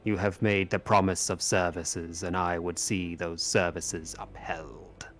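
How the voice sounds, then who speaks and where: A cold, commanding undead king in a tabletop game, put on by a man. He speaks in a low voice that grows loud and forceful as he demands obedience. Faint music plays behind him. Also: level tone, a little slow. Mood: imperious.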